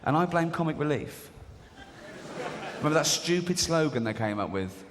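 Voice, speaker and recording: An English man in his forties doing stand-up in a big theatre, with a voice that sits a little high and swings widely in pitch. The hall rings with long reverb, and loud noise fills the room behind him as he jokes, swears and mimics others. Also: expressive, normal speed. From England. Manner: jokey, swears freely, acts out characters in mock voices. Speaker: stand-up comedian. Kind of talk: stand-up comedy. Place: large theatre stage. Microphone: stage mic. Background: audience laughter.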